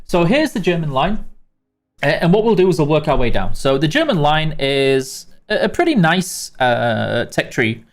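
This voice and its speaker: A man's voice: on the high side, very animated, normal speed. A British man hosting a live game stream, reading out chat names and walking new players through the basics in a chatty way, with many fillers and restarts.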